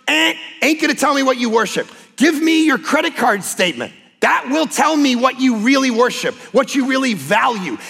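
A man preaching a sermon as a pastor, impassioned and emphatic, sometimes breaking into shouts. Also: very high-pitched, gravelly, husky, in a large hall. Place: church sanctuary.

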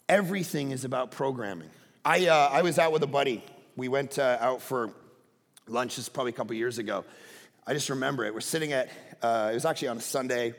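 A pastor preaching a sermon with animated storytelling and sudden loud bursts of emphasis. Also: male voice, fairly high pitch, vocal fry. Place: church hall. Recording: reverberant hall.

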